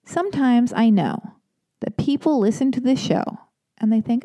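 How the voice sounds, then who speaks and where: A woman hosting a podcast alone, chatting casually in a rambling way with animated asides. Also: a little high, brisk, no echo, clean studio sound. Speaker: podcast host. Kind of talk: casual solo podcast talk.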